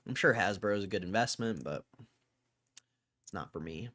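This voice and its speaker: A man's voice: on the low side, expressive, moderate pace, pauses often, a bit bright, no echo, clean studio sound. A man livestreaming stock market commentary, thinking aloud in a casual way and swearing freely as he mock-rants. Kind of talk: casual live-stream commentary.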